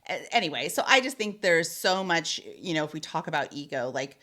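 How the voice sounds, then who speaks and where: A woman co-hosting a podcast, chatting casually in a lively way, laughing often and swearing casually. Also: low-pitched, a little fast. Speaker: podcast co-host. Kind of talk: casual chat.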